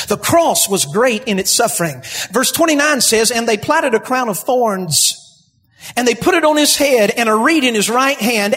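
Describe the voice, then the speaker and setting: A man preaching a sermon, building to shouted emphasis. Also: extremely high pitch. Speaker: pastor. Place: church sanctuary. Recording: long hall reverb, husky.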